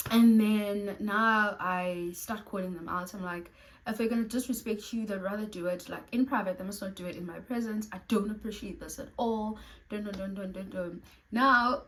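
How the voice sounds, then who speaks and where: A woman's voice: medium pitch, poor audio. A young South African woman from Cape Town tells a storytime vlog casually, bluntly and with lots of animation, swearing and acting out what people said. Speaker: storytime vlogger.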